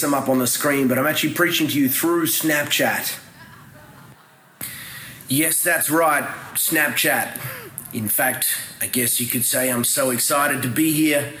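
Man, pastor, video sermon clip, wry humor, medium pitch, faint background ambience. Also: fairly bright tone, roomy sound, slight background noise, rough recording. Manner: wry, self-mocking humor. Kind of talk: recorded video sermon segment.

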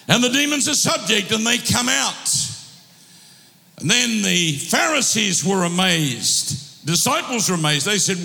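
Male pastor preaching, strained throat, bright forceful tone, long church hall echo. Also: high-pitched, big pitch swings, a little slow, vocal fry. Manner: exhorting, loud bursts, humorous asides. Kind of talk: sermon.

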